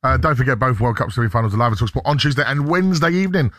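Male radio presenter, mid pitch, dry close mic, brisk plugs and banter. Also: a bit bright, no room sound. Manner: brisk, reads promos between jokes.

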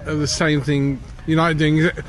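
A man's voice: on the high side, flat delivery, a little fast. A man working as a sports reporter, interviewing a guest in conversation outdoors.

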